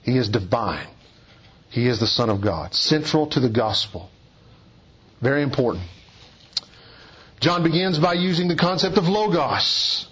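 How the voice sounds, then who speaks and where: A man's voice: medium pitch, animated, unhurried, long pauses, fairly bright tone, breathy edge, dull audio. A man preaching an expository sermon, emphatic and repeating key phrases for weight.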